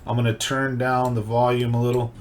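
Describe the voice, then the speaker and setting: A man from California hosting a video, casually and excitedly retelling his own story. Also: mid-range voice, fairly quick, slight background noise. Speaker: video host.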